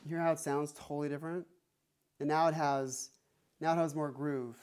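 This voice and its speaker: Drum teacher man counting over loud drums. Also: fairly high pitch, fairly even intonation, brisk, loud music behind the voice. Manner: plain-spoken, counts beats aloud over the drums. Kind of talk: private music lesson. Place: music room with drum kit.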